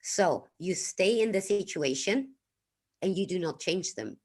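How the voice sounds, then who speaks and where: A woman from the Netherlands with a Dutch accent, hosting a casual livestream, reflective and unhurried, pausing to greet and thank viewers in the chat. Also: on the low side, expressive, a little mellow. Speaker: livestream host.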